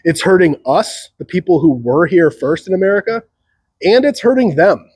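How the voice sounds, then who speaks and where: A man's voice: a little high, lively intonation, moderate pace, a little mellow, breathy edge, dry recording. A man hosting a solo opinion show, rambling sarcastically with frequent chuckles. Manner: sarcastic, chuckling, mocks others in put-on voices. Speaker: podcast host.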